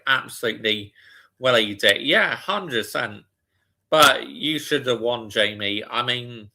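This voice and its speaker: A man's voice: medium pitch, bright, forceful tone. A man hosting a live football watch-along, chatting casually and answering viewer comments.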